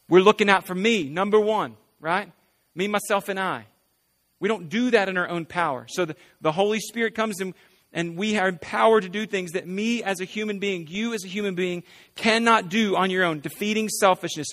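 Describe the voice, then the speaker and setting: A man's voice: high-pitched, fairly bright tone. A male pastor preaching a conversational sermon, asking rhetorical questions and often adding "right?".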